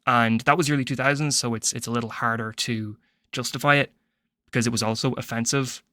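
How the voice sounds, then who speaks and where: An Irish man rants his way through a casual film review, opinionated and rambling, often doubling back on his words. His voice sits at an ordinary middle pitch. The sound is close and dry, with no room around it. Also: fairly even intonation, a little fast, bright, forceful tone, no echo. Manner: rambling, opinionated ranting with frequent restarts.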